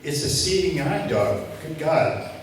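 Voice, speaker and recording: A man's voice: on the high side, lively intonation, slow, pitched above the performer's own voice. A man voicing a sassy woman who passes her dog off as a guide dog, in an echoey hall heard from afar. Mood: indignant. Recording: echoey hall from far off, noisy.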